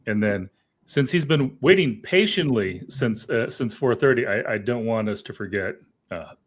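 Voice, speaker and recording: A man's voice: mid-range voice, expressive, moderate pace. A man hosting a casual author interview over a video call, asking friendly, rambling questions. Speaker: host.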